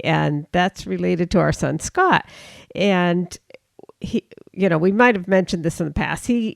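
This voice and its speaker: A woman with a lowish, gravelly voice chats on a podcast and laughs readily. The recording is dry, with no room sound. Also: no echo. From Florida. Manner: warm, laughs often, many fillers. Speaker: podcast co-host. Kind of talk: casual podcast chat.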